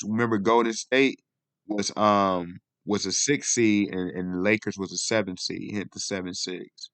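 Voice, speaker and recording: A man's voice: on the low side, a bit bright, dry recording. A man hosting a casual commentary vlog, talking in a rambling way and often asking "you know what I mean". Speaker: video host.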